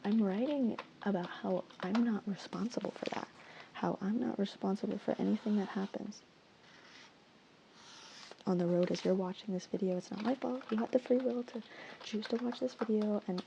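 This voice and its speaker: A woman ASMR creator in a playful, teasing whispered role-play, mixing soft whispers with mock-stern asides. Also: mid-range voice, vocal fry, muffled recording, noisy background.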